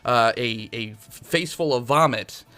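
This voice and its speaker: A man's voice: mid-range voice, slow, bright, forceful tone. A man hosting a casual film review podcast, talking in a rambling, hesitant way with many restarts.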